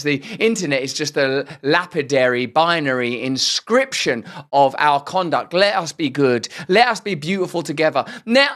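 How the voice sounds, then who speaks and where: Sardonic, lively man hosting commentary. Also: high voice. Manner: sardonic, rambling, theatrical asides. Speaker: commentary host. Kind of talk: satirical reaction commentary.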